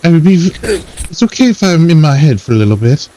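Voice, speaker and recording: A man's voice: a little high, fast talker, rough recording. A man in a live roleplay game, trading profane jokes with the crew. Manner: lively, profane joking. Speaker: roleplay player. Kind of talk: in-character pirate roleplay.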